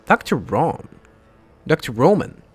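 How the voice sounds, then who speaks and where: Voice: medium pitch, big pitch swings, measured pace, husky. A let's play host giving casual, joking gameplay commentary with muttered asides.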